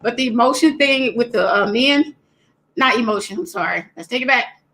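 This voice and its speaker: A woman's voice: a little high, animated, normal speed, a bit bright. A woman hosting a casual livestream, talking about relationships and thanking viewers in the chat by name. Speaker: livestream host.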